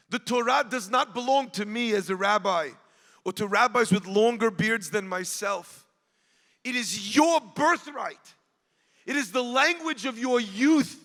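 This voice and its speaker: A man, a rabbi, giving an impassioned storytelling speech at an event, rising at times to shouts. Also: high-pitched, unhurried, vocal fry, long reverb tail. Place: large event hall.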